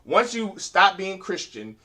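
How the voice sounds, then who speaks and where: A man teaching a class in an emphatic preaching style, asking rhetorical questions and rising to loud, forceful delivery. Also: sits high, very animated, measured pace. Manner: uses rhetorical questions and quoted voices.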